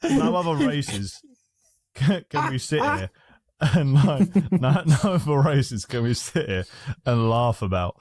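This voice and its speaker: A man co-hosting a podcast, telling stories in animated casual chat and laughing often. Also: mid-range voice, takes it slowly. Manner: animated storytelling, laughs a lot, swears. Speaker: podcast co-host.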